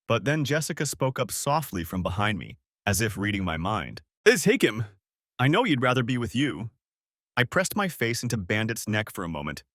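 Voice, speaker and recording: A man reading a scripted first-person story, measured and cold in tone. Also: mid-range voice, fairly bright tone, no room sound, clean studio sound. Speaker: story narrator.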